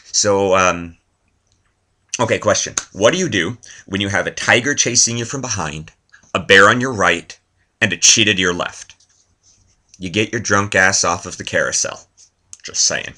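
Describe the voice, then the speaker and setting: Deep-voiced man rambling through jokes. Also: bright, forceful tone. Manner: loose, one-liner jokes with self-mocking asides. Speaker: vlogger. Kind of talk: rambling comedy monologue.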